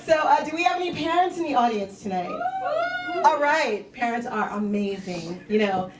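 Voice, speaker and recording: A woman performing a stand-up comedy set, telling deadpan dark jokes and talking to the crowd on a club stage. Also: on the high side, moderate pace. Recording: echoey club, mic heard from a distance.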